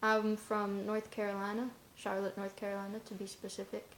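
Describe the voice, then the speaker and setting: A woman's voice: mid-range voice, monotone, fairly quick, a little hiss or hum. A woman talking in a casual vlog monologue, rambling and offhand, in loose run-on asides. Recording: roomy echoey room.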